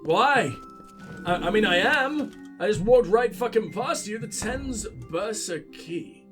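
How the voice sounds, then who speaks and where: A man's voice: high-pitched, animated, slow, music in the background. A man hosting a let's play, giving casual gameplay commentary full of profanity and mocking jokes.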